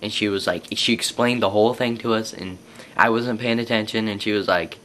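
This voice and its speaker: A man's voice: on the low side, fairly even intonation, fairly quick, fairly bright tone, slight background noise. A young man telling personal stories to camera in a rambling, casual way. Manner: rambling, lots of fillers and restarts. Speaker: vlogger.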